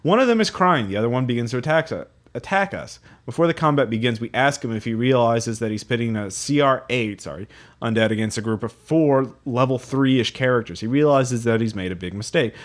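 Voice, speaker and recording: A man co-hosting a casual tabletop gaming podcast, relaxed and chuckling as he shares game quotes and reads forum stories aloud. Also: mid-range voice, a little fast. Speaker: podcast co-host.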